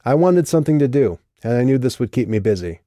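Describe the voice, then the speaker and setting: A man reading an audiobook and voicing a guarded, quick-witted young woman who was once in a band. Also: mid-range voice, big pitch swings, dark tone, no room sound, clean studio sound, voice pushed up, natural voice. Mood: evasive.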